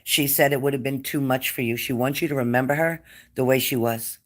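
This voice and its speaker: A man giving a spirit-medium reading to a client, gentle and coaxing, repeating his phrases. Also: mid-range voice, steady tone, brisk. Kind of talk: reassuring psychic reading to a client.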